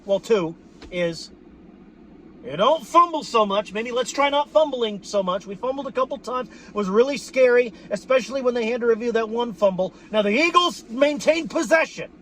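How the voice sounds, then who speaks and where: A boisterous man with a very high voice tears into a profane post-game victory rant from inside a car. He swears freely and breaks into sudden shouted bursts. A faint hum sits behind him. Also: lively intonation, moderate pace. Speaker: football fan vlogger.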